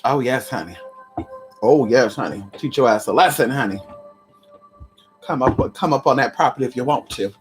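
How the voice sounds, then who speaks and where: A woman's voice: very deep voice, expressive, normal speed, long pauses, soft background music. A woman hosting a casual livestream on conjure, sassy and chatty, calling her viewers honey and girl. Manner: breaks into loud laughs and exclamations. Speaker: livestream host teaching conjure.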